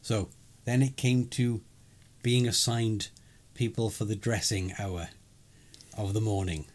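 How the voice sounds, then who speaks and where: A man's voice: on the low side, fairly even intonation, slow pace, a little mellow, slight background noise. A man co-hosting a podcast, recapping a live role-play event in casual chat, rambling and chuckling with many fillers. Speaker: podcast co-host.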